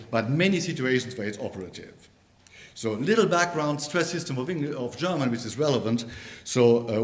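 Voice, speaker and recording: A man giving an academic conference talk on linguistics in a university lecture room, pausing often and restarting his sentences. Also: mid-range voice. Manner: halting, with many fillers and restarts.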